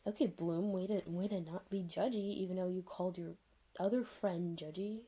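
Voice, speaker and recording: A woman's voice: fairly low pitch, steady tone, moderate pace, dark tone, husky. A woman casually recapping a TV episode, sarcastic and exasperated, full of "like" and "um". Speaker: TV episode reviewer.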